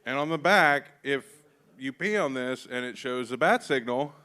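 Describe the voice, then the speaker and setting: A man's voice: medium pitch, animated, moderate pace, bright, forceful tone. A man hosting a comedy show, telling profane stand-up stories and acting out the dialogue on a club stage. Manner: profane storytelling, acts out dialogue. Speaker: comedy show host and comic.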